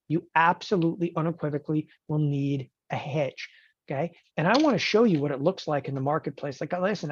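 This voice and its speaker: A man teaching options trading in an animated lecture, emphatic and joking, often checking in with the listener. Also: fairly high pitch, no echo. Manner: emphatic, joking, keeps asking "okay?". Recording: dull lo-fi dry recording.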